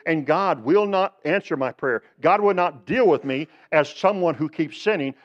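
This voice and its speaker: A man's voice: fairly high pitch, lively intonation, normal speed, muffled recording. A male pastor preaching a sermon, emphatic and repetitive, pressing points home with direct appeals to the congregation.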